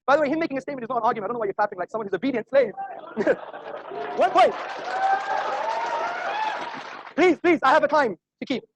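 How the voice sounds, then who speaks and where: A man's voice: very high-pitched, no room sound, poor audio. A man giving a formal debate speech to an audience in an auditorium, assertive and argumentative, with pointed asides to the crowd. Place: auditorium before a live audience.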